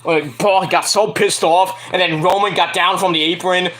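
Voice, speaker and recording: Guy hosting a chill podcast, goofy rambly talk, pretty high voice. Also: fairly even intonation, normal speed. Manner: rambling and jokey, with loud outbursts. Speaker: podcast host. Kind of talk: casual live-watch podcast chat.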